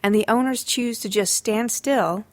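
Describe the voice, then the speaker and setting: A woman's voice: on the high side, measured pace. Lady dog trainer chatting on her podcast, casual and sarcastic, lots of um and right. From Los Angeles area. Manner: chatty, sarcastic asides, frequent fillers.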